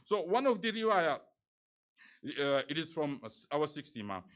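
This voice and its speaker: Earnest male preacher, high-pitched. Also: very animated, measured pace. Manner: earnest storytelling with frequent fillers, rising emphasis. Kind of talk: sermon.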